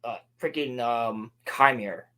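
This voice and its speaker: A man co-hosting a casual podcast, recapping a show sarcastically and mocking the characters in quick put-on lines. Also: medium pitch, bright, forceful tone. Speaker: podcast co-host.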